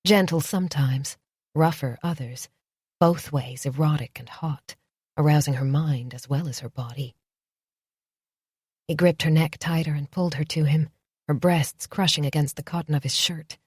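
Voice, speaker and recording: In a soft, intimate, measured style, a woman narrates a romance audiobook in a very low, husky voice. Her tone stays steady, and the recording is close and dry.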